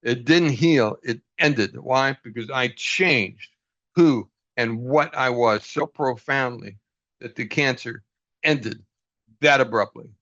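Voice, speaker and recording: An earnest man leading a group over a video call, his voice dull and lo-fi with little room sound. He speaks at a middling pitch, laughs often and acts out little exchanges as he tells a story. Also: slow, a bit bright, no room sound. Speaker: group leader. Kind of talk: casual group talk.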